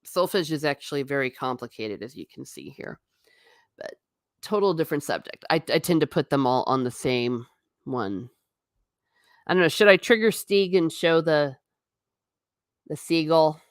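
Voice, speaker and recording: A woman with a fairly low voice hosts a casual live stream and reads viewers' comments aloud. She talks in a loose, chatty way, laughs easily and trips over repeated words. The sound is dry and close. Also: lively intonation, normal speed, pauses often, no room sound. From not Irish. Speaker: livestream host.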